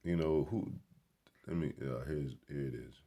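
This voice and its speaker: In a grocery store, a vlogger delivers loose, rambling commentary in a very deep, gravelly yet mellow voice at normal speed. He curses freely and comes across as emphatic, blunt and preachy.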